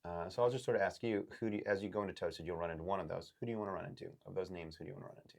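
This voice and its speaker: Male game master, very low voice, rambling and hesitant delivery. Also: vocal fry. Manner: halting, full of ums and likes. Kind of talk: narrating a tabletop game.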